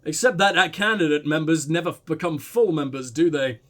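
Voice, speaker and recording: A man's voice: a little high, brisk, voice pushed down, natural voice. A man voicing a blunt, impatient police detective who questions in a probing, exasperated way. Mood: pressing, impatient.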